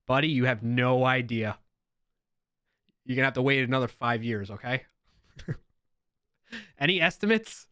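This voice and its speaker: A man with a New York accent hosts a live stream in a relaxed, chatty way, reading comments with playful emphasis. His voice sits mid-range, recorded close and dry with no room sound. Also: mid-range voice, a little fast, no echo.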